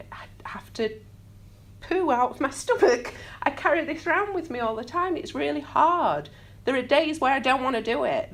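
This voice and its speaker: A woman's voice: fairly high pitch, a bit bright. A woman in her thirties with a Sheffield accent, giving a candid, self-deprecating talk to a live audience in a community hall, laughing easily. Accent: Sheffield English. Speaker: public speaker.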